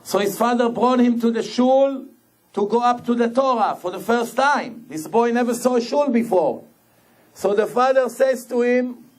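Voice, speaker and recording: A rabbi preaching a sermon, telling stories in an animated way and repeating phrases for emphasis. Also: male voice, high voice. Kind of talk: sermon with storytelling.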